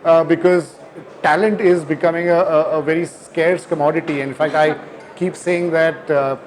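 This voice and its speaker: Earnest male founder with an Indian English accent, halting delivery. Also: fairly high pitch, fairly even intonation, slight background noise. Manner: hesitant, many fillers, earnest. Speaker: company founder, guest. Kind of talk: conference interview. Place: conference hall.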